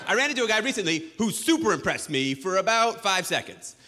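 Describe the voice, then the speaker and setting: Man, stand-up comic, sarcastic ranting, high voice, swooping delivery. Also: big pitch swings, a little fast, sharp tone, big-room sound, a little hiss or hum. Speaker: stand-up comedian. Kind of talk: stand-up comedy set. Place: comedy club stage before an audience.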